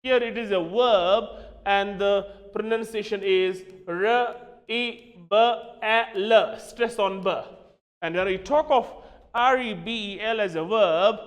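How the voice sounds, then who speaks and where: A man's voice: high voice, unhurried. Man teaching English, echoing room. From Kashmir. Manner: spells words out letter by letter, addresses "my dear friends". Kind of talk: spoken English lesson.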